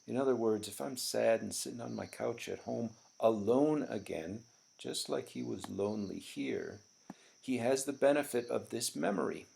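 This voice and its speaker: A man's voice: mid-range voice, moderate pace, creaky, darkish tone. A man teaching a lesson on poetry, explaining step by step with frequent ums and small restarts. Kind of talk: classroom poetry lecture.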